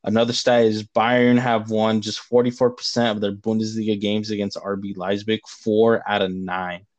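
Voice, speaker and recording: A man's voice: on the low side, flat delivery, normal speed, no room sound. A man hosting a casual soccer preview podcast, reading stats and joking, laughing often and saying "bro" a lot. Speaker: podcast host.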